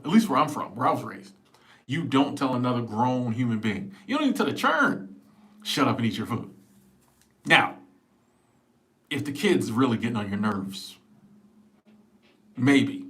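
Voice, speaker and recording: A man in his forties hosting a casual live stream, answering viewers in an animated, emphatic, joking way on a small clip-on mic. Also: medium pitch. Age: 40s. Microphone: small wireless clip-on mic.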